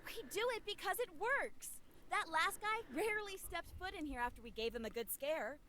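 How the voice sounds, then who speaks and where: A woman's voice: very high-pitched, expressive, normal speed, bright, forceful tone, a little hiss or hum, full character voice. A woman voicing a tall, grumpy young woman with a New York accent in a game, blunt and curt. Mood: gruff.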